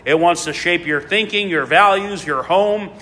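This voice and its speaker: A man's voice: sits high, normal speed, sharp tone. Preaching man in an echoing hall. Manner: preachy, repetitive cadence with many fillers. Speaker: pastor. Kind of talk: sermon. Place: church sanctuary. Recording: long reverb in a large hall.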